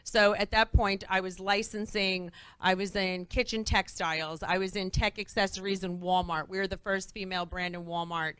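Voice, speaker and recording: A middle-aged woman, a guest entrepreneur on a talk show, telling lively stories and acting out the voices of people she quotes. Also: mid-range voice, normal speed, hardly any pauses, clean tone, no room sound. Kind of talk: animated storytelling on a talk show.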